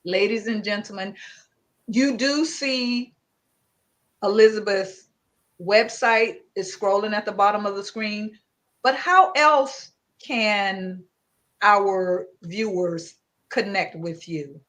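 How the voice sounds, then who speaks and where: A woman's voice: medium pitch, takes it slowly, a bit bright. Effusive woman host with a lilt. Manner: effusive, emotional, greets viewers by name. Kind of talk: livestream talk show.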